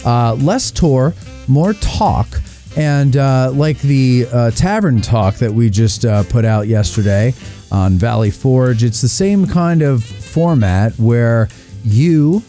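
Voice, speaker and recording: A male host talks in loose, joking chat, his voice mellow and warm. He leans on fillers as he goes. A faint guitar plays behind him. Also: mid-range voice, slow pace. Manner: joking, chatty, many fillers. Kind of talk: casual live show chat.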